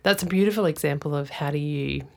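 A woman's voice: low-pitched, fast talker, gravelly. A woman interviewing a guest casually, affirming her answers before asking practical questions.

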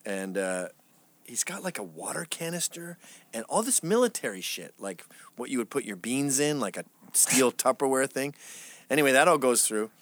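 Profane storyteller, animated swooping man. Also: mid-range voice, moderate pace, dry recording. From England. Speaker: guest. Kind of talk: casual interview chat. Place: media studio.

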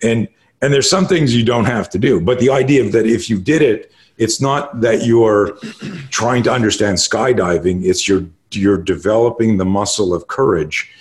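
Low-voiced man telling stories. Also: moderate pace. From Canada. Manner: profane, animated storytelling. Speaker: podcast guest, martial artist. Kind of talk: casual storytelling.

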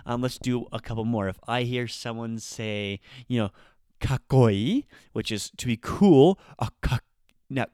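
A man's voice: medium pitch, moderate pace, darkish tone, clean tone, no echo, clean studio sound. Upbeat man hosting a language podcast. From Nebraska, USA. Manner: chatty, upbeat, acts out slang exclamations. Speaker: podcast host, Japanese teacher. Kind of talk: casual podcast lesson.

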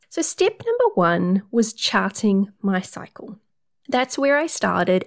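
A woman's voice: mid-range voice, a little mellow. A woman working as a period coach, talking through numbered tips in an upbeat, casual advice monologue.

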